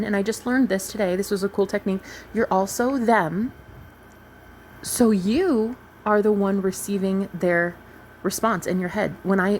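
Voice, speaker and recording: A woman's voice: on the low side, a little hiss or hum, low-quality recording. A woman in her thirties, a coach talking earnestly and directly to her viewers in a casual vlog. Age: 30s. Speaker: manifestation coach. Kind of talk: casual spiritual vlog talk.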